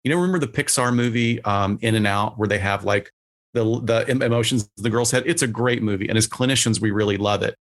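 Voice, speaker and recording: A man's voice: on the low side, fast. A man who is a psychologist, talking casually as a podcast guest and acting out quotes as he explains. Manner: relaxed, plainspoken, acts out quotes.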